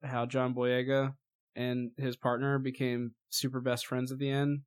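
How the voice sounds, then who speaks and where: A man in casual chat reviewing a movie, mocking and animated, swearing freely. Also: medium pitch, a little slow, clean tone.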